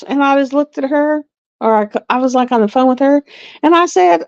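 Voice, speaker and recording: Blunt, chatty high-voiced woman. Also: animated, a little fast. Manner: chatty, blunt, drawling, repeats herself; slips into a higher voice when quoting herself. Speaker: live stream host. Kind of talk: casual chat. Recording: dry, dull lo-fi sound.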